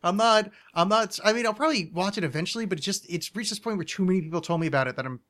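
A man's voice: sits high, racing, fairly bright tone. This is a man. He hosts a loose, casual podcast, rambling in a self-deprecating way and restarting his sentences as he goes. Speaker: podcast host.

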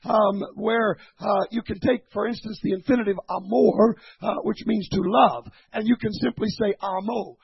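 A man preaching a sermon, halting and repeating words as he teaches, then rising to shouted fervor. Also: high-pitched, fairly even intonation, creaky, slightly rough, lo-fi sound.

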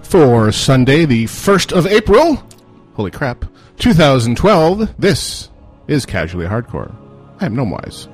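A man's voice: medium pitch, very animated, soft background music. Jokey man hosting internet radio. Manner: jokey, quick banter with mock voices. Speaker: radio show host. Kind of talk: casual internet radio chat.

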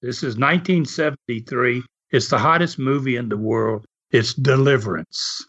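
In a medium-pitched, fairly bright voice with a breathy edge and a moderate pace, an older former wrestler from the South tells casual stories. His drawl is laced with chuckles and frequent "uh"s, on a dull lo-fi recording.

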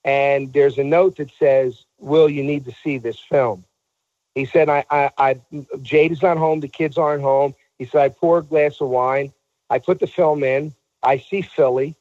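A man's voice: medium pitch, fairly even intonation, unhurried, no room sound, phone-quality sound. A man telling a story in a casual talk show, acting out the voices of the people he quotes.

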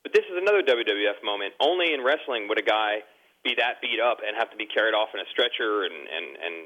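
A man in a casual motocross chat, cracking quick jokes. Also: fairly low pitch, animated, sharp tone, low-quality recording. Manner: quick wisecracking banter.

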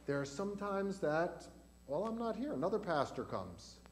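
A man with a somewhat high voice, a pastor teaching a catechism lesson to children and adults inside a church. He keeps turning to the children with questions as he explains. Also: very animated, normal speed.

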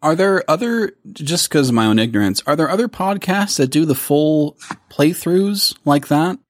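Brief: male interviewer, playful and ribbing, very animated pitch, dry mic. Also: moderate pace, no echo. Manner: teasing, lively questions. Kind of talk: casual podcast interview.

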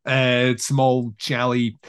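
A man's voice: mid-range voice, monotone, extremely slow, clear, resonant tone. A man chatting casually about a film, retelling scenes with lots of energy, acting out bits, swearing and laughing often. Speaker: podcast co-host.

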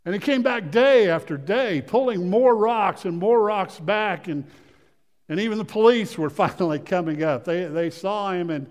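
A man's voice: high-pitched, moderate pace. Man preaching in an echoing church hall. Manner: swings between loud emphasis and hushed, quiet storytelling; repeats phrases and restarts mid-sentence. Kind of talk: sermon. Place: church sanctuary. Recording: long reverb of a church hall.

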